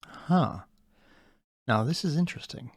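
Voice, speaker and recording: A man's voice: on the high side, expressive, unhurried, slightly rough, dry recording, clean studio sound. A man reacting to an audio drama, rambling casually with self-corrections and swearing. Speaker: reaction video host.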